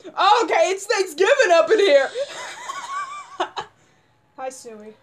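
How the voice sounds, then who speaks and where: A young woman commenting on her gameplay, panicking and yelling, her voice strained hoarse from screaming. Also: very high-pitched, animated, moderate pace, a little hiss or hum. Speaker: gamer.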